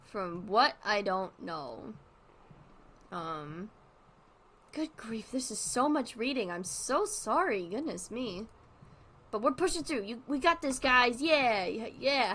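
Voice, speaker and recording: A woman's voice: a little high, lively intonation, takes it slowly, a bit bright. A young woman streamer chatting casually with her viewers and reading aloud, chatty and self-deprecating.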